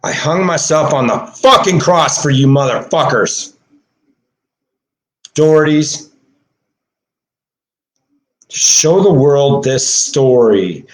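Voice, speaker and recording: A man delivering an emotional monologue, agitated and swearing, swinging from low mutters to shouting. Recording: echoey room.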